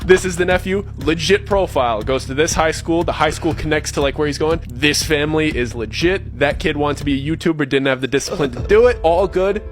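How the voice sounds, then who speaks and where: Young man, quick excited storyteller, slightly high voice, music in the background. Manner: animated, acts out quoted dialogue. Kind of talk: casual storytelling.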